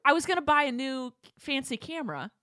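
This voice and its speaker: A woman hosting a casual chat show with her mother, ranting in an animated way and laughing often. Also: sits high, a little fast, dry recording, clean studio sound. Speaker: host. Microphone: studio microphone.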